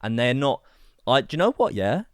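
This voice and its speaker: A man's voice: medium pitch, big pitch swings, normal speed, clean tone, no room sound, studio quality. A man co-hosting a podcast, chatting casually and joking around. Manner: chatty, joking, slips into put-on accents. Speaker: podcast co-host. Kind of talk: casual chat.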